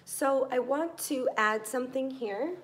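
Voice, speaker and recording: With a high voice, a woman teaches a live online English grammar class. She's patient and encouraging, pausing to think as she writes out examples.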